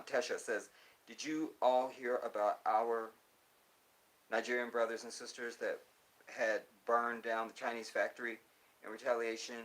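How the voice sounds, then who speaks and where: A man's voice: medium pitch, fairly bright tone. A man with a Texas accent chatting on a phone livestream and reading viewer comments aloud, now and then breaking into heated, profane rants. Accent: Texan. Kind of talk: casual livestream chat.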